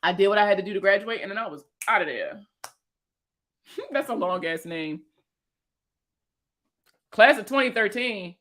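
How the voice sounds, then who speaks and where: A woman around thirty with a Baltimore accent, hosting a casual livestream chat with viewers, slangy and profane and quick to laugh. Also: mid-range voice, expressive, fairly bright tone. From Baltimore, USA. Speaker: host answering viewer comments.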